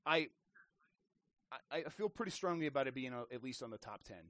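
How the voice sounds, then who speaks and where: On a dry recording, a man with a medium-pitched voice speaks briskly while chatting about games on a podcast. He tells his stories animatedly, restarting frequently and acting out what people said.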